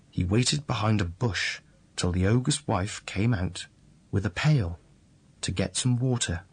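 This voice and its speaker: A man reads a children's fairy tale aloud in a slow, unhurried way. His voice is husky and slightly low, with a deliberate, repetitive storyteller's rhythm. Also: darkish tone.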